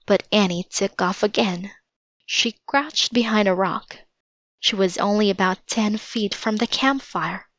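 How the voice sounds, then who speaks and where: A woman reading a children's storybook aloud in steady, measured narration. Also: mid-range voice, no room sound. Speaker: storybook reader. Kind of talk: children's book read-aloud. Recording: dull lo-fi recording.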